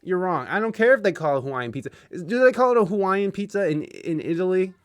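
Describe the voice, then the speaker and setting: Animated man hosting with mock outrage. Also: sits high, fast talker, no room sound, clean studio sound. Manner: jokey mock outrage, theatrical and loud. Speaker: host. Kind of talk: casual interview chat.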